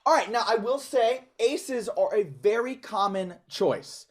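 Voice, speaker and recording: A man's voice: high-pitched, unhurried. A man performing as a magician, talking through his tricks in showy, self-mocking patter and chatting with volunteers. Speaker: magician performing for a live audience.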